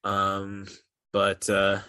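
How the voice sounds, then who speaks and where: A fairly low-pitched young man, chatting casually as a podcast co-host. His voice is bright and forceful, and he rambles along with plenty of "like" and "uh." The sound is dry and close, with no room around it. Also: monotone, extremely slow, clear, resonant tone, dry recording. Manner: rambling, heavy on "like" and "uh" fillers. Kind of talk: casual chat.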